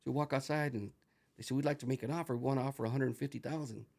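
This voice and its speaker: Middle-aged male guest, animated storyteller, gravelly and quick. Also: mid-range voice. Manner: profane, animated, acts out dialogue with Spanish phrases. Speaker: interview guest. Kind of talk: casual storytelling.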